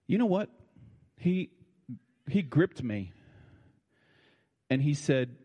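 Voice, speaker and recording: A man's voice: on the high side, big pitch swings, takes it slowly, long pauses, dark tone, muffled recording. An older man with an Australian accent telling a heartfelt personal story to an audience in a colloquial, emotional way. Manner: colloquial and heartfelt, with feeling in his voice. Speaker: speaker addressing an audience. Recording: long reverb of a large hall.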